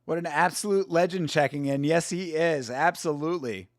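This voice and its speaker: Young man, live streamer, casual fight chat, swears a lot, slightly high voice, dry close mic. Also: moderate pace, no room sound. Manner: swears and reacts loudly to fights, greets chat by name. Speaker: streamer hosting a live fight watch-along.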